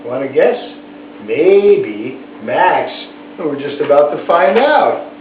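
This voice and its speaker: A man reads a picture book aloud at an unhurried pace, gentle and chatty, with frequent asides to his pet bird. His voice sits a little high for a man. It sounds tinny and phone-like, picked up from across an echoey room with a faint hiss. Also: big pitch swings, distant mic. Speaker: storybook reader to a pet bird.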